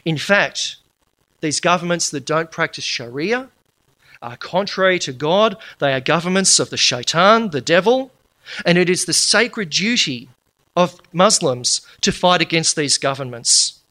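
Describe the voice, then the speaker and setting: Bright, forceful man lecturing. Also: a little high, lively intonation, unhurried. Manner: emphatic, with wry humorous asides. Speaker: public speaker. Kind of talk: lecture to a live audience.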